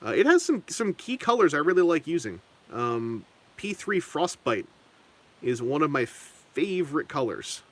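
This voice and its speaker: Rambling, lively-pitched man streaming. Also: measured pace. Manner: rambling, self-correcting, chuckling asides. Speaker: streamer painting miniatures. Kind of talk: casual live-stream chat.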